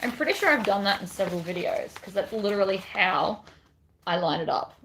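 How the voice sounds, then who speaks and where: In her casual crafting livestream, a bag pattern designer talks animatedly and briskly as she stitches a bag, answering viewer comments and rambling between steps. Her medium-pitched voice is fairly bright, over a slight hiss or hum.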